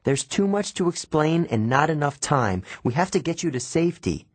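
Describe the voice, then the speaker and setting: A man's voice: a little high, expressive, normal speed, no echo, voice pushed up. A man voicing a tense, protective mother who speaks tightly and pleads, in an audiobook reading. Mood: urgent.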